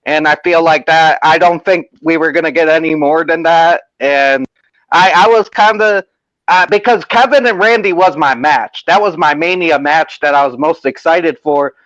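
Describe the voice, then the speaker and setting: A man's voice: a little high, normal speed, fairly bright tone, no echo, muffled recording. A man chatting easily on a podcast, thinking aloud. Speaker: podcast co-host. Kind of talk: casual chat.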